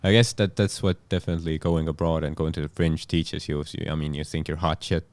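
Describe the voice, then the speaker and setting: A man, a guest comedian chatting in a halting, laid-back way. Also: extremely low pitch, little pitch movement, no room sound. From Estonia. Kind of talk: casual chat.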